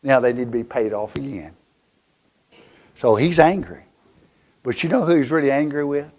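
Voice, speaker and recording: A male pastor with a Southern US accent preaching a fiery, emphatic sermon in a church, swinging from loud to hushed. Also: medium pitch, moderate pace.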